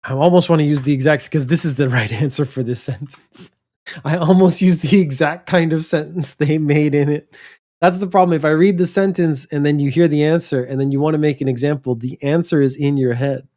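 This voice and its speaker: A man teaching English vocabulary, thinking aloud and saying words slowly and deliberately to stress the key ones. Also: on the high side, steady tone, warm tone.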